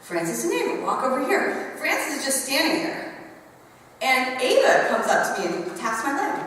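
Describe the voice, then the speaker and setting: A woman in her forties telling a story on stage in an animated way, laughing through the funny parts. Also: high-pitched, moderate pace, slight background noise. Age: 40s. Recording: echoey hall from far off.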